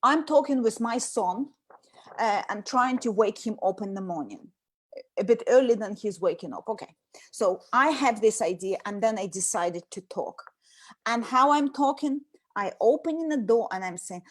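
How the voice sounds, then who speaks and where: High-voiced woman, animated chat, acts out nagging bits. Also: normal speed. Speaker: host. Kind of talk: casual talk on communication.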